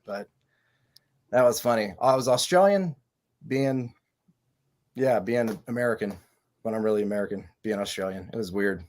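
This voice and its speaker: A man from Texas, co-hosting a casual live chat and telling stories in an animated, joking way. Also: fairly low pitch, normal speed, long pauses. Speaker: co-host.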